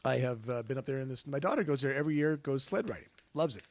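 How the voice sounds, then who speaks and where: Gravelly middle-aged male co-host. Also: mid-range voice, animated, fast, a little mellow, no room sound. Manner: easygoing, joking. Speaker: podcast co-host. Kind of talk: casual talk show chat.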